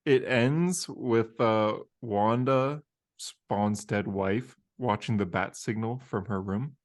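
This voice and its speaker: Eager excited podcast guy. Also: lowish voice, takes it slowly. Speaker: podcast co-host. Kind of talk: casual chat.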